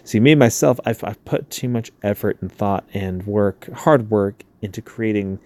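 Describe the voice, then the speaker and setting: A man's voice: on the low side, normal speed, darkish tone. A man casually commenting as he reads through a crowdfunding page, laughing easily and trailing off into mumbles. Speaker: YouTuber reviewing a crowdfunding campaign. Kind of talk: casual commentary reading a campaign page aloud.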